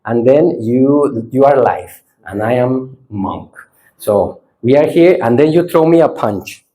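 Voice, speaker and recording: A man, a Buddhist monk, gives a retreat talk in simple non-native English, often tagging his sentences with a questioning "ne?". He is playful and animated, jumping high and loud when he gets excited, then sinking into slow, soft stillness. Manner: animated, playful, swings from lively to hushed. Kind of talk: dharma talk with audience exercises.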